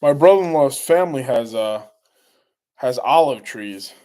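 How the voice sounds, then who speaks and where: A man's voice: mid-range voice, animated, unhurried, warm tone. A middle-aged man hosting a casual live stream, rambling through stories and chatting with viewers. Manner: rambling, laughs while telling stories. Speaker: livestream host.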